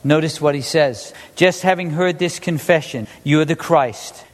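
High-voiced male preacher in a reverberant hall. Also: normal speed. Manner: animated, asks the congregation questions. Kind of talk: sermon.

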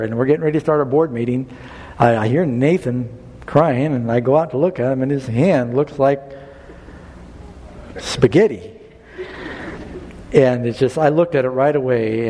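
A middle-aged male pastor preaching a sermon, telling a personal story with lively swings in pitch and building to an appeal. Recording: long hall reverb.

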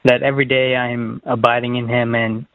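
A man's voice: medium pitch, level tone, normal speed, clear, resonant tone, no room sound. A man calling in to a radio show, asking a question politely and a bit hesitantly. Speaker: caller. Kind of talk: phone-in question. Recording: tinny phone line.

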